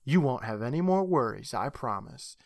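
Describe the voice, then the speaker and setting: A sinister nurse who speaks low and quiet, coaxing with menace, as a man puts her on while retelling a story. The voice is dry and close, with no room around it. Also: animated, normal speed, dry recording, natural voice. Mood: menacing. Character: sinister soft-spoken woman nurse.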